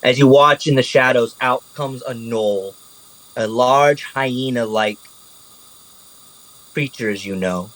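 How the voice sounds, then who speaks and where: A man narrating a tabletop game as game master, animated and casual, swearing freely. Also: mid-range voice, slow, pauses often, poor audio.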